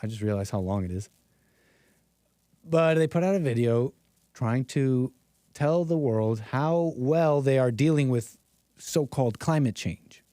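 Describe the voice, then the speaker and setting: A man's voice: mid-range voice, lively intonation, measured pace, long pauses, mellow, no echo, studio quality. A man hosting a casual commentary stream with call-ins, rambling and sarcastic, with chuckling asides. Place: home streaming setup.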